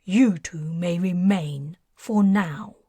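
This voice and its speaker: A woman voicing a cold, menacing male alien sorcerer who speaks slowly and low. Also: dark tone, slightly rough, no echo. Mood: cold menace.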